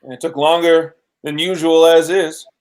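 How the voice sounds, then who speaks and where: A woman's voice: low-pitched, little pitch movement, normal speed, darkish tone, close to an everyday voice. A woman voicing a cautious, awkward young man in a live play reading, speaking with careful, stammering phrasing.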